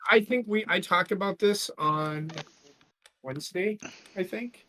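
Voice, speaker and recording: A man's voice: sits high, unhurried, bright, forceful tone, slight background noise. A man co-hosting a casual podcast, blunt and opinionated, swearing as he makes his point. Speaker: podcast co-host. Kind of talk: casual chat.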